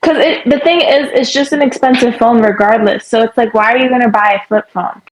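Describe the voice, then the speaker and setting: A woman's voice: fairly high pitch, brisk, rough recording. A young woman joining a casual podcast chat, amused and opinionated. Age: young adult.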